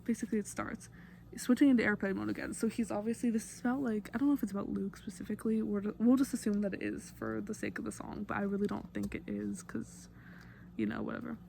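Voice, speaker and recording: Mellow-voiced chatty woman vlogger. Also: medium pitch, expressive, fast, creaky, a little hiss or hum. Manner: chatty, gushing fan, lots of fillers. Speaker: music vlogger. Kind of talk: casual song breakdown.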